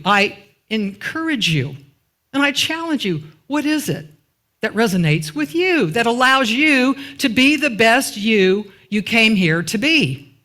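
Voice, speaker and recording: A woman's voice: fairly high pitch, fairly bright tone. A woman minister giving a conversational sermon in a church, often asking the congregation questions and dropping in informal asides. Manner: asks the congregation rhetorical questions and waits for answers. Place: church sanctuary.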